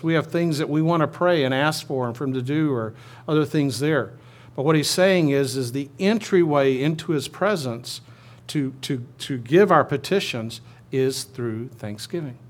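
A man preaching a sermon in a conversational manner, often restarting his phrases and leading his listeners in a responsive reading. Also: medium pitch. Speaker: pastor.

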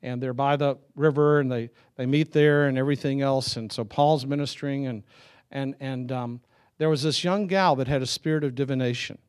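A man's voice: medium pitch, steady tone, moderate pace, darkish tone, clean tone. A middle-aged man preaching a sermon, telling stories in a loose, conversational way with chuckles and restarts. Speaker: pastor.

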